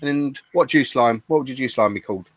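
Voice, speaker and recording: A man's voice: mid-range voice, fairly quick, no echo. A British man co-hosting a casual chat show, easygoing and chatty. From United Kingdom. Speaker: podcast co-host.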